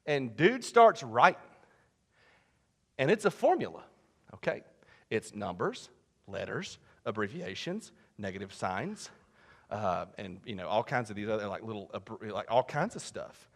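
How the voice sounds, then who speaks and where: A male pastor preaching a sermon, telling a story animatedly and swinging from hushed asides to shouting. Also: fairly low pitch, big pitch swings, measured pace. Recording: long church hall reverb.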